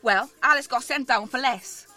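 A woman's voice: high voice, moderate pace, sharp tone, soft background music. An actress playing a middle-aged cafe owner, forthright and motherly.

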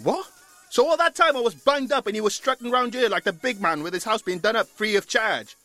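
A man's voice: sits high, brisk, bright, forceful tone, soft background music. An actor playing a young man who was wrongly jailed, agitated and stammering. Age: young adult.

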